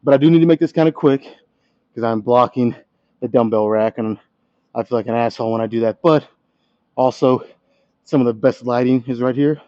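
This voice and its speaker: A man's voice: medium pitch, a little fast, pauses often, no room sound, dull audio. A man talking casually to camera in a gym between heavy sets, out of breath, candid and swearing now and then. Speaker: fitness vlogger. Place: gym by the dumbbell rack.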